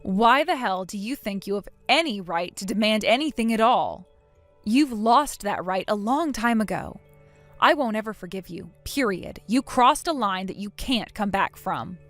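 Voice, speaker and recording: A woman's voice: mid-range voice, animated, moderate pace, a bit bright, no room sound, soft background music, close to an everyday voice. A woman voicing a stern, cold young woman who scolds and refuses to forgive in a scripted drama.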